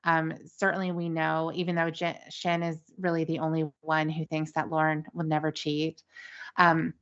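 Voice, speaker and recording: A woman's voice: deep voice, monotone, moderate pace, clean tone. A woman co-hosting a casual podcast, thoughtfully speculating with many fillers. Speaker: podcast co-host. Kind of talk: casual chat. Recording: dull lo-fi sound.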